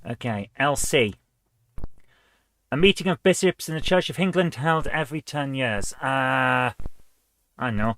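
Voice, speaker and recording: A man's voice: mid-range voice, measured pace, long pauses, a bit bright. A man hosting a retro gaming channel, reading quiz questions aloud and chatting casually as he guesses the answers. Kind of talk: casual let's-play commentary.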